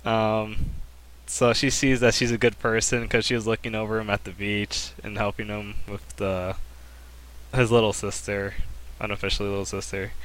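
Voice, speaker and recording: A man's voice: fairly low pitch, little pitch movement, normal speed, fairly bright tone, poor audio. A man casually recapping an anime plot in a laid-back, hesitant way, laughing now and then. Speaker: podcast co-host.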